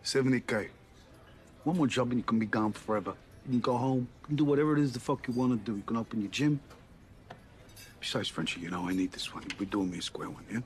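An actor playing a pushy, theatrical debt collector who swaggers and swears, in film drama dialogue. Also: male voice, medium pitch, quick pace, slight background noise, close to an everyday voice. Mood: persuasive.

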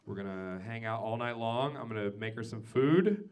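Stand-up guy telling a story on a club stage, cusses a lot, goes quiet then yells, mid-pitch voice. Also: moderate pace, smooth. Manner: storytelling, swings from low and quiet to loud ranting outbursts; swears freely. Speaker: stand-up comedian. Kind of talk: stand-up comedy set. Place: comedy club stage before a live audience.

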